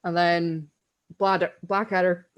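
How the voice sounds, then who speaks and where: A young woman from Scotland co-hosting a podcast rambles through long anecdotes in casual chat, giggling often. Her fairly low voice is slow and flat in delivery, and the audio sounds dull.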